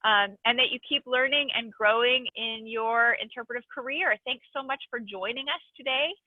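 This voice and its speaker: A middle-aged woman trainer talking earnestly and expressively on a video call, her voice sitting at an ordinary pitch. The sound is thin and tinny, like a phone line, and completely dry. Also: normal speed, no room sound. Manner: earnest, expressive storyteller with many fillers. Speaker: park ranger trainer. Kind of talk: online training talk, storytelling and Q&A. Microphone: video call over a phone-like line.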